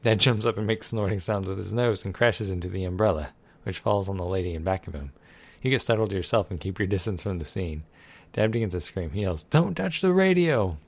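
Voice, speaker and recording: Reading a text game aloud, this let's play gamer speaks in a low-pitched voice, briskly, with no room sound. His commentary is sarcastic and irreverent, full of free swearing.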